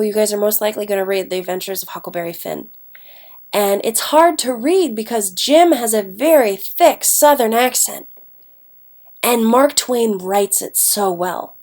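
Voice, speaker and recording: A woman's voice: medium pitch, darkish tone. A woman teacher giving a recorded lecture, congested and sniffling, chatty with fillers and self-corrections. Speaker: English teacher.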